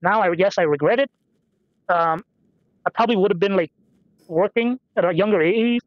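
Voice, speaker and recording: This dry, dull recording catches a young man commenting on a game at a normal speed, his high voice broken by long pauses. He rambles through the let's-play, swearing offhandedly, musing to himself and making fun of himself.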